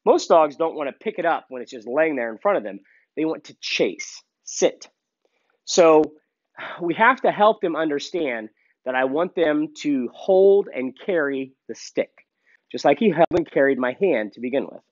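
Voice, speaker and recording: Lively-voiced male dog trainer, dull dry recording. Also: normal speed, no room sound. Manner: relaxed explaining, broken by sharp high commands to the dog. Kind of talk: hands-on training demonstration.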